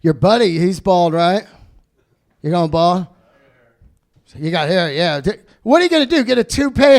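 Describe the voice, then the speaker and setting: A man doing a loud, profane stand-up set, ranting. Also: very high-pitched. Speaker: stand-up comedian.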